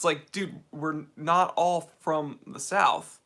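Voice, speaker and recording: Man, American accent, casual livestream Q&A host, opinionated and chatty, bright tense tone. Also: on the high side, fairly even intonation, slow, gravelly, hardly any pauses. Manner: chatty and opinionated, with many fillers and restarts. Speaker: watch channel host.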